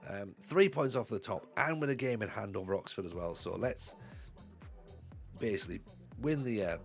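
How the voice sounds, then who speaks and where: A man's voice: lowish voice, lively intonation, moderate pace, creaky, faint music behind. A man with a Northeast English accent, streaming live as he plays a football management game, rambling and joking about himself while nursing a cold. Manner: rambling, joking, self-deprecating. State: has a cold. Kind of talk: casual live-stream commentary.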